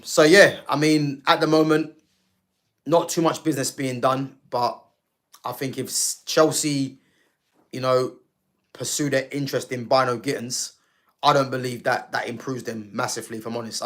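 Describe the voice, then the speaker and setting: Chatty man. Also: medium pitch. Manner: conversational, frequent fillers and asides to viewers. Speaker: football channel host. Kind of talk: casual football talk livestream.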